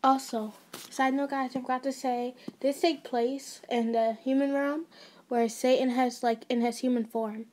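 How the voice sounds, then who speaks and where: A woman's voice: high-pitched, flat delivery, unhurried, darkish tone. A woman narrating an ASMR fan story in a casual way, with restarts and side notes.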